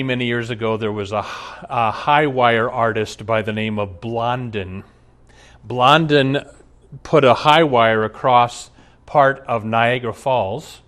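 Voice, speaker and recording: A man's voice: medium pitch, fairly bright tone. A man preaching a sermon, telling stories with emphasis and occasional laughs. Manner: storytelling, emphatic, frequent laughs. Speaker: pastor.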